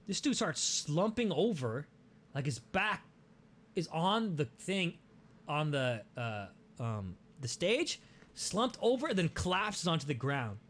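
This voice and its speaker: A young man hosting a podcast, telling a story in a casual, animated way, swearing often and restarting his sentences. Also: fairly high pitch, slow. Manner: animated, profane, many restarts. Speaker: podcast host.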